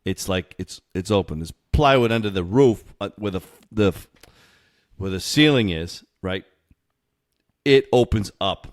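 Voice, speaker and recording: A man co-hosting a podcast, telling work anecdotes in a casual, animated way and laughing as he goes. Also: fairly low pitch, measured pace. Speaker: podcast co-host. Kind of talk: casual storytelling.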